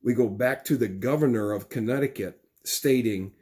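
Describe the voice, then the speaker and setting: A man talks straight to his listeners in a solo political podcast. His voice sits at an ordinary middle pitch. He presses his points with emphasis, with fillers and the odd restart. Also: normal speed, a little mellow. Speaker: podcast host.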